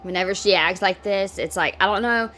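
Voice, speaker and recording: A woman's voice: mid-range voice, a little fast, fairly bright tone, a little hiss or hum. A woman giving casual, chatty reaction commentary, often exclaiming and laughing. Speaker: reaction vlogger.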